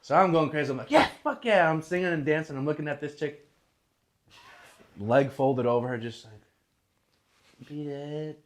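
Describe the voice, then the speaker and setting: A young man of ordinary, mid-range pitch spins a bar story for a podcast. He is loose, profane and quick to laugh, and he slips into the voices of other people as he tells it. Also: steady tone. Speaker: podcast guest. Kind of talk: casual storytelling chat. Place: podcast studio.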